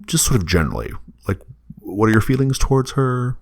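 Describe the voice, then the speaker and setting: A man narrating a tabletop game as game master, describing scenes in a relaxed, halting way. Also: mid-range voice, vocal fry.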